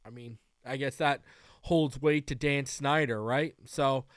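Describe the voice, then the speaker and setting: Chatty male livestream host, smooth voice. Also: mid-range voice, fairly even intonation, unhurried, a bit bright, dry recording, clean studio sound. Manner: loose and chatty, greets viewers by name; frequent fillers and restarts. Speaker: podcast host. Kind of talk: casual livestream chat.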